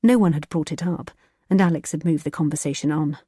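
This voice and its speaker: A woman narrating a thriller audiobook in a measured, even storytelling manner. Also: low voice, husky, no echo, clean studio sound.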